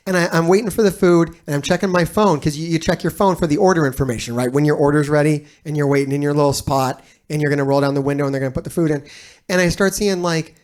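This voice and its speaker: A man's voice: fairly high pitch, fast, darkish tone. Rambling, foul-mouthed man telling a story. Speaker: streamer reacting to a video. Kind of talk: casual reaction commentary.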